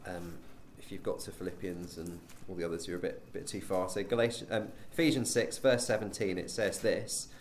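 A man's voice: deep voice, steady tone, brisk, slight background noise. A man leading a teaching session as a preacher, conversational, with frequent ums and rhetorical questions.

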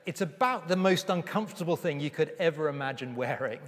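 A man preaching a sermon with emphasis, slowing down to read scripture aloud. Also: a little high. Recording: reverberant hall.

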